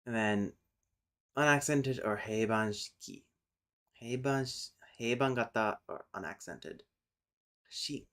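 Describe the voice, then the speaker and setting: A man streaming live, chatting casually and thinking aloud as he explains language topics. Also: medium pitch. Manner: thinks aloud, pauses and restarts, sudden loud calls to his cat. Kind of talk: casual livestream chat and explanation.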